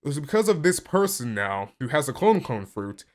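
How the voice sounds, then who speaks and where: A man casually reacting to a comic chapter, excitable and stammering, packing his talk with "like" and reading passages aloud between his reactions. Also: on the high side, normal speed. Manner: excitable, stammering, heavy use of "like".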